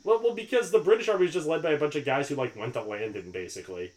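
A man co-hosting a podcast, chatting casually and going off on animated tangents with lots of yeahs. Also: on the high side, racing. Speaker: podcast co-host. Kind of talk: casual film discussion.

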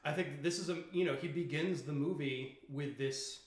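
A man co-hosting a podcast, giving measured, thoughtful takes on films. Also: on the high side. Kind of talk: casual film discussion. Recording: roomy echo.

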